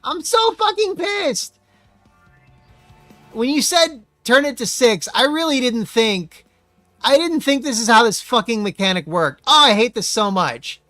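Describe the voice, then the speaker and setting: A man commentating his own racing game live, swearing freely in an exasperated rant with sudden shouted bursts. His bright voice rises and falls all over, and it sits very dry and close to the mic. Faint game music plays underneath. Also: very high voice, animated, normal speed, no room sound. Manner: profane, exasperated ranting with sudden yelled outbursts. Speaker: streamer.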